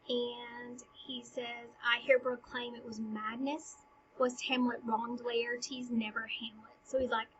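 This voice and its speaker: A woman's voice: fairly high pitch, a little hiss or hum. A woman retelling a play scene by scene in a casual teaching style, paraphrasing the lines in modern slang and often dropping to a whisper. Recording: dull lo-fi recording.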